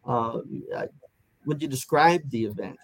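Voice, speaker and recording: A man's voice: medium pitch, lively intonation, measured pace, no echo, poor audio. Upbeat man hosting, dry close sound. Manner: upbeat, chatty with fillers. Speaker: interview host. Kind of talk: interviewing guests.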